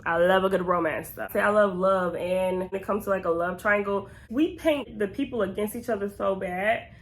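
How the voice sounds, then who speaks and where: A woman's voice: medium pitch, moderate pace. A young woman with a Georgia drawl talks casually to her viewers, answering questions one by one. Her voice sits in a middle range. She rambles and wanders off on side thoughts as she goes. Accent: Southern US (Georgia). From Georgia, USA. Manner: chatty and rambling, drifts off on tangents. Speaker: YouTuber. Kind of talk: casual Q&A vlog.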